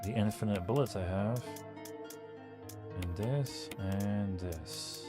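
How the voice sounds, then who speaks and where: Over music, a young man with a fairly low voice talks slowly while streaming a horror game. He has a sore throat and rambles casually to himself and his viewers, chatty and full of fillers, in live-stream commentary.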